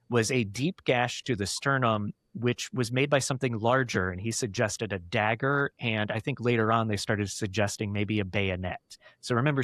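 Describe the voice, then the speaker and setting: A male podcast host recounting historical cases in detail in a casual, animated way, quick to laugh. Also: fairly low pitch, dry recording, clean studio sound. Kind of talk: podcast chat, storytelling.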